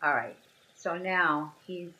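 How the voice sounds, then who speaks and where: Low-voiced French woman streaming. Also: takes it slowly, sharp tone, muffled recording. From France. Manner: apologetic, chatty, talks through each step. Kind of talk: casual live-stream commentary.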